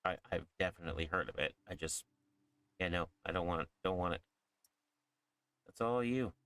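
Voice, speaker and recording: Low-voiced man narrating his gameplay. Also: normal speed, a bit bright, no room sound. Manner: wry, commenting on his play. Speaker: co-player. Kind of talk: casual gaming chat.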